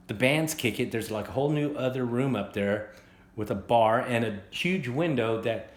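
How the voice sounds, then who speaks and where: A man casually telling a story and showing off his guitars at home, rambling and animated. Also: mid-range voice, echoey room. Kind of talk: casual storytelling and show-and-tell. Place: room at home, guitar workshop.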